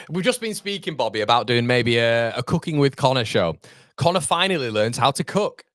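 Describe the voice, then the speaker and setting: A man in his thirties hosting a live football watchalong, chatting with viewers in an animated, rambling way that jumps between laughter and fed-up rants. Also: medium pitch, measured pace, dry recording, studio quality. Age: 30s. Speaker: fan channel host.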